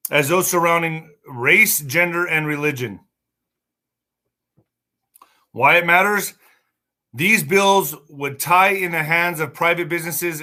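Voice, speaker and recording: A man's voice: on the high side, pushed and bright. A man hosting a podcast, reading news aloud and ranting angrily about it, often stumbling over words and swearing. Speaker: podcast host. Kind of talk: casual news commentary podcast.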